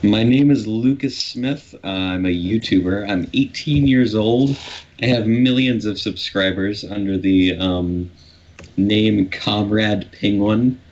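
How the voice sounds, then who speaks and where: A man playing in a tabletop game, introducing his character in a calm, matter-of-fact way. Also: lowish voice, slow pace. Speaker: player. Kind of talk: casual chat. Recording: muffled, dull line.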